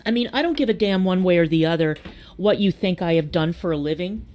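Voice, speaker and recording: Indignant woman ranting, low voice. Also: brisk, darkish tone. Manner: indignant, insistent. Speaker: commentator in a played clip. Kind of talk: heated online rant.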